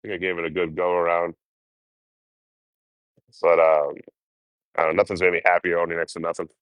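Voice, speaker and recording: A man's voice: deep voice, flat delivery, brisk, fairly bright tone, clean tone, no echo. A man chatting casually with his livestream viewers, rambling and swearing as he talks about life on the road. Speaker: livestreaming traveler.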